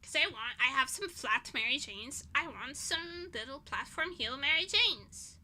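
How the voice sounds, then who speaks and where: A woman's voice: high voice, lively intonation, unhurried, pushed and bright. A young woman streamer chatting casually, ranting indignantly with swearing and laughter. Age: young adult.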